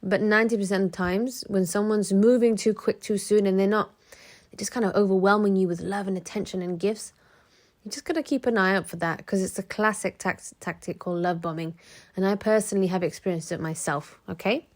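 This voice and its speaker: A woman's voice: mid-range voice, steady tone, a little fast. A woman giving casual advice straight to the camera, chatty and prone to digressions. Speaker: motivational video creator.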